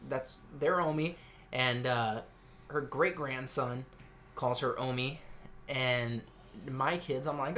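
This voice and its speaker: A man's voice: medium pitch, slow pace, sharp tone, slight background noise. A man in his twenties co-hosting a casual gaming chat, rambling and swearing freely. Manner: rambling, swears often, many fillers. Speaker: co-host.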